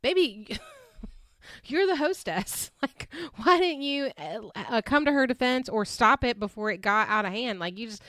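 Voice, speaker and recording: Woman podcaster dishing on reality tv, kinda high voice, laughs a lot, dry sound. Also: normal speed, no room sound. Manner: animated, laughs often, acts out quotes in shifted voices. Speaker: podcast host recapping a reality show. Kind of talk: casual chat.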